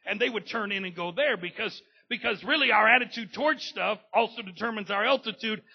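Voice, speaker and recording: A man preaching a sermon with a gravelly, husky voice, swinging from low talk up to loud shouting. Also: brisk, highs cut off. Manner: builds from low talk to loud shouting, acts out family members. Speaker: pastor.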